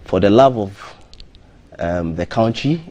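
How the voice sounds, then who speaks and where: A man, a hotel marketing manager, interviewed as a guest on a live breakfast TV show, speaking in a measured way with frequent ums and restarts. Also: on the low side, animated, a little mellow. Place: TV studio.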